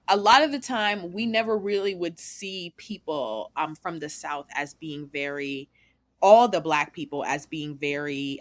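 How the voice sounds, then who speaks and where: A young woman from the Northeastern US hosting a podcast interview, talking in a quick, animated way with many fillers. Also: fairly low pitch. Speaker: podcast host. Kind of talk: conversational interview.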